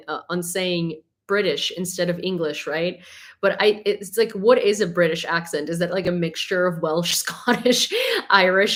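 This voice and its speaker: Chatty, low-pitched woman livestreamer. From Ukraine. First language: Ukrainian. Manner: chatty, rambling, laughs often. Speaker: livestream host. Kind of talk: casual live-stream chat.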